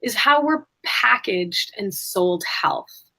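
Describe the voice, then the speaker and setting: A woman's voice: medium pitch, lively intonation, slow, vocal fry, sharp tone. A woman hosting a conversational podcast, reflective and talking with many filler words. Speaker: podcast host.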